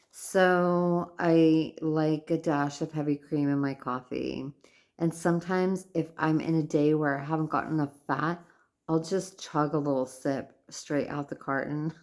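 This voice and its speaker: A woman's voice: sits low, unhurried, a little mellow. A tired woman vlogging in a casual, rambling way, full of fillers and self-corrections. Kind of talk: casual diary vlog.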